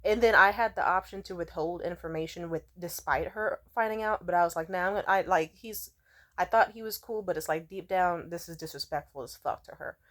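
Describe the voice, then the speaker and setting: Young woman venting into her phone, swears a lot, sarcastic, kinda low voice. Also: brisk. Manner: blunt, profane, sarcastic. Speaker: vlogger. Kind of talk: casual rant to camera.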